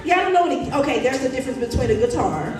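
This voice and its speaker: High-voiced woman hosting in an echoey hall. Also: animated, very fast. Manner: playful, teasing, calls on the crowd. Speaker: poetry slam host. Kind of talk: lively emcee banter with a preacher's flair. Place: school auditorium. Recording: echoey hall from far off, music behind.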